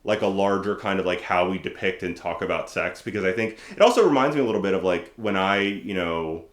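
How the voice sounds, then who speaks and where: A man co-hosting a podcast, chatting casually and telling stories with quick mock voices. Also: low voice. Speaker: podcast co-host. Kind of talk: casual chat. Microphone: desk microphone. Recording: roomy echo.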